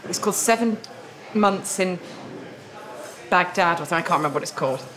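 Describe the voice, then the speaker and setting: A woman actor as a guest at a restaurant lunch interview, telling stories in a lively, laughing way. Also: lowish voice, fairly quick, low-quality recording. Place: restaurant table.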